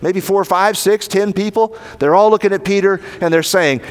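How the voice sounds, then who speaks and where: A man's voice: high voice, normal speed, clear, resonant tone. A man with a Southern American accent preaching a sermon, retelling the story dramatically and acting out the quoted lines. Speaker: pastor. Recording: hall reverb.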